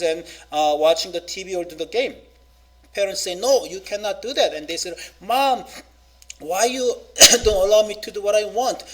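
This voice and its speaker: High-voiced man preaching a sermon. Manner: halting, many fillers, rising emphatic quoting. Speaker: pastor.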